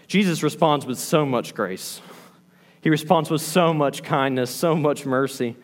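A man preaching a sermon as a pastor, animated, acting out the lines he quotes. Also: medium pitch, in a large hall.

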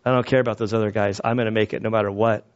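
Man playing a brash young recruit, cocky, fast and low, dull recording. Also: level tone, lightly acted. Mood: boastful. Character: cocky young male recruit, boastful and overconfident.

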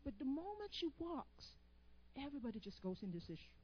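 Animated high-voiced woman preacher. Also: fairly quick, muffled recording. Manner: animated, quizzes the congregation for missing words; playful, teasing asides. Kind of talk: sermon.

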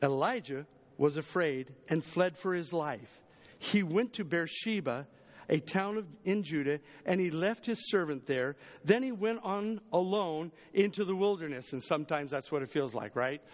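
A man preaches to his congregation in a loose, conversational way. His voice sits high for a man, climbing into loud exclamations and falling into soft, low asides. The sound is muffled and carries a long church reverb. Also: expressive, moderate pace. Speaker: pastor. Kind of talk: sermon.

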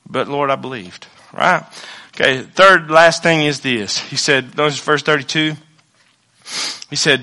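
A male pastor preaching a sermon to his church, swinging from loud exclamations to low, hushed asides. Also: lively intonation, normal speed.

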